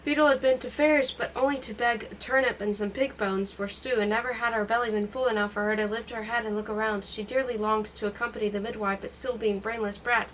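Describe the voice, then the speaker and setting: A woman reading a novel aloud in a steady, expressive storytelling voice. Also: a little high, brisk, hardly any pauses, distant mic, slight background noise, low-quality recording. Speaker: audiobook reader.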